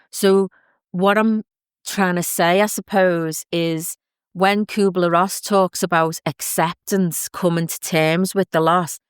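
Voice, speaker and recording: A woman, hosting a podcast and talking gently and heartfelt about grief, with soft asides. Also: on the low side, clean tone, dry recording, clean studio sound. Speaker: podcast host and psychic medium. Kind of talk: reflective spoken talk.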